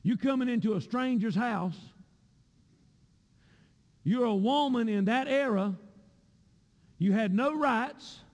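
A man preaching a sermon in a church sanctuary, with a repetitive cadence that rises into shouts. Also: extremely high pitch, slow pace, pauses often, in a large hall.

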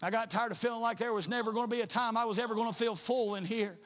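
A male preacher, delivering a sermon in a chanting style full of "uh" breaks, rising at times to shouts. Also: extremely high pitch, quick pace.

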